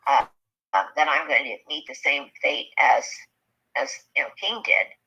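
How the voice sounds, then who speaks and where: Woman with a low sharp-edged voice telling her encounter story, lots of ums and you knows, dull lo-fi sound. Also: big pitch swings, creaky. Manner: halting, earnest retelling with many fillers. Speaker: eyewitness sharing an encounter. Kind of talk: personal storytelling. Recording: dull lo-fi recording.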